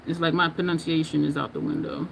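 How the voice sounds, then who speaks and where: A woman's voice: low-pitched, fairly even intonation, fast, vocal fry, a little hiss or hum. A woman from New Jersey with a New Jersey and New York accent, chatting casually with viewers while doing her makeup on a livestream and laughing often.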